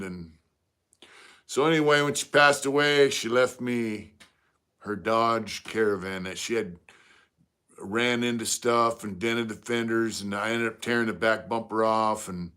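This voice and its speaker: A man's voice: lowish voice, steady tone, a little slow, bright, forceful tone, clean tone. A middle-aged man, chatting casually on a live stream and greeting viewers by name between stories.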